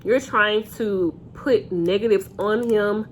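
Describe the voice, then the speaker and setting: A woman's voice: medium pitch, slow pace, slight background noise. A young woman giving a casual, opinionated reality TV recap straight to her viewers on a phone camera. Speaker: reality TV reviewer.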